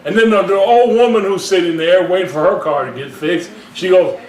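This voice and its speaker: A man preaching a sermon in church, telling a story in an animated way and laughing as he goes. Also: high voice, fairly quick. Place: church hall with congregation. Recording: echoey live church stream from far off. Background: congregation responding.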